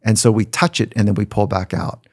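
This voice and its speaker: A man guesting on a podcast recounts personal stories in a thoughtful, conversational style, now and then mimicking people he quotes. His voice is on the low side and slightly mellow, with flat delivery and a little fast pace. The studio recording is clean and dry.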